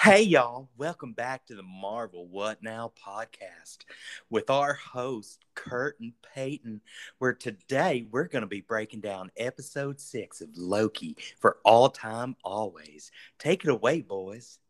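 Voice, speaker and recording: A man doing a high, drawling impression of a perky cartoon clock lady as a podcast intro. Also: expressive, measured pace, fairly bright tone.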